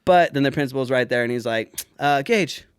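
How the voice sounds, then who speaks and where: A young man hosting a podcast, telling high school stories in casual chat, animated and full of swearing, loudly acting out quotes. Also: fast talker, clear, resonant tone, no room sound, studio quality. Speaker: podcast host.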